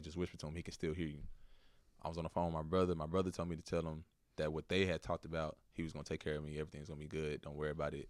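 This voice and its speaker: Very deep-voiced young Texan man. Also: no room sound, studio quality. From Texas. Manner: soft-spoken, halting, slangy with "bro" and "like". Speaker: podcast guest, basketball player. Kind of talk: emotional personal storytelling.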